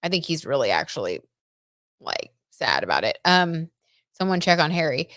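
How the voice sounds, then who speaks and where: Young woman, lowish voice, chatty giggly tarot host talking to viewers, dry close sound. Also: very animated, normal speed, fairly bright tone, no room sound. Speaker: tarot reader and livestream host. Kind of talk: casual gossip livestream, tarot reading.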